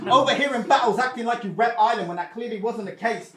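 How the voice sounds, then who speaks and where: Brash, mocking battle rapper. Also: male voice, extremely high pitch, fast. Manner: mocking, brash, playful roasting, hypes the crowd. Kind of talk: live rap battle verse. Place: live venue hall with audience. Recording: echoey hall, distant mic, loud crowd.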